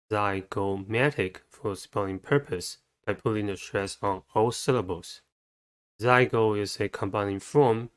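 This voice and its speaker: A man with a low, smooth, resonant voice gives a scripted vocabulary lesson. He breaks each word into syllables and sounds, spelling them out in a slow, methodical way. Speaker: English vocabulary teacher. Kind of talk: scripted instructional narration.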